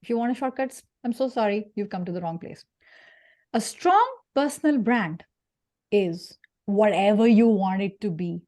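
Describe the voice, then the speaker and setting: A woman from India leading an interactive career workshop, lively and jokey, putting questions to her audience. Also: medium pitch, normal speed. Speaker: career speaker.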